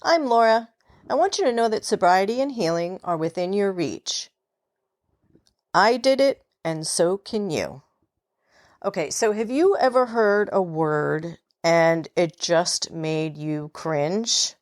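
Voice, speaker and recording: A woman's voice: fairly low pitch, expressive, takes it slowly, dry recording, clean studio sound. A woman from New York with a New York accent, hosting a podcast in a chatty, casual way, with frequent laughs and fillers. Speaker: podcast host. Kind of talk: casual solo podcast talk.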